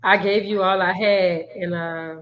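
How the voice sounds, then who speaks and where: A middle-aged woman, a mother, talking on a show with emotion and hesitation, pausing often. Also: on the low side, fairly even intonation, a bit bright, poor audio. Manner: emotional, hesitant, many "um" pauses. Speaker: guest, mother. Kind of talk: casual talk show conversation.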